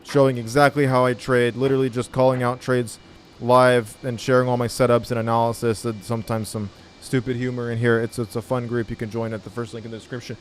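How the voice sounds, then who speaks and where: A man's voice: medium pitch, flat delivery, quick pace, slight background noise. A man giving a casual trading tutorial in a blunt, laid-back manner, swearing freely. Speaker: trading educator.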